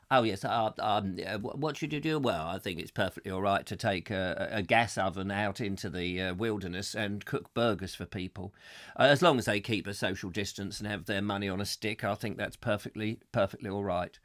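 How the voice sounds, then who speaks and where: A man's voice: lowish voice, brisk, fairly bright tone. A man hosting a comic live chat show, rambling as he reads out viewer comments and drifts into silly voices. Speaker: host.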